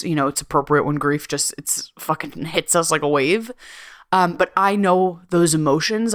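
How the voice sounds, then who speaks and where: A middle-aged woman speaks in a somewhat low voice, recorded close and dry. She hosts her own podcast and talks frankly, swears freely and hums between thoughts. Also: no echo. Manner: candid and swearing freely, with laughs and drawn-out hums. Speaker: podcast host and coach. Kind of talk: casual solo podcast monologue.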